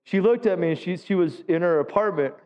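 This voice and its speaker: High-voiced pastor preaching in a big hall. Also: male voice, fairly quick, darkish tone. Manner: conversational preaching, asks the congregation questions. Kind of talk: sermon. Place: church sanctuary. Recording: dull lo-fi sound with long hall reverb.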